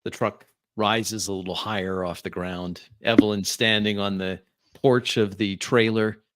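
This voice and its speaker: A man's voice: lowish voice, steady tone, measured pace, background noise. A man narrating as a tabletop game master, in a loose way full of fillers and restarts.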